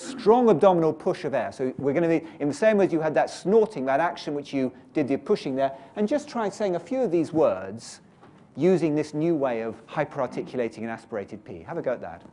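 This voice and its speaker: Male pronunciation teacher, explanatory lecture, dark warm voice. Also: fairly high pitch, big pitch swings, a little fast. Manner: explanatory, demonstrates sounds aloud.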